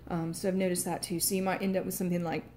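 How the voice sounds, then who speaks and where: An American woman with a Southern accent, an actor casually explaining accent sounds, hesitant with many filler sounds and some throat clearing. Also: fairly low pitch, little pitch movement, rapid-fire, mellow, a little hiss or hum. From United States.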